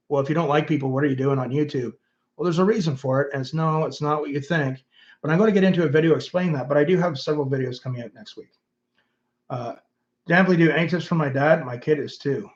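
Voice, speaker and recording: A man's voice: on the high side, highs cut off. A middle-aged man with a Canadian accent, hosting a casual livestream and reading viewers' comments aloud in a musing, rambling way full of fillers. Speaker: host of his own channel.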